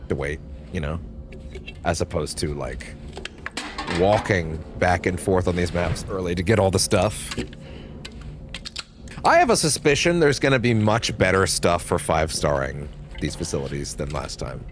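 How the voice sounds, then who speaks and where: A man's voice: deep voice, expressive, normal speed, long pauses, soft background music. A young man giving casual, rambling commentary while streaming a game, swearing offhandedly.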